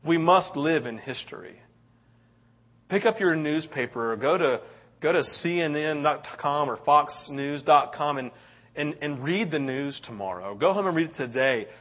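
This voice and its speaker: Middle-aged preacher, animated, slightly high. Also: male voice, moderate pace. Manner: animated storytelling, frequent "right?" tag questions. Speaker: pastor. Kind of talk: sermon. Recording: dull lo-fi sound.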